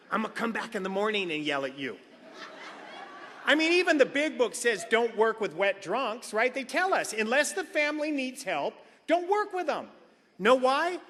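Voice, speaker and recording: A middle-aged man giving a comic recovery share at a meeting, acting out the voices in his stories. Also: very high voice. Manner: animated comic storyteller, acts out quotes. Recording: reverberant hall sound.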